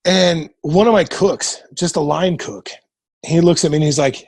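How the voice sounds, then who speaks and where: A Nebraska man of about forty, guesting on a podcast, tells casual stories at a moderate pace, cursing freely and performing the dialogue of people he quotes. His voice is husky, slightly breathy, fairly high for a man, and darkish in tone, captured dry and close with no room echo.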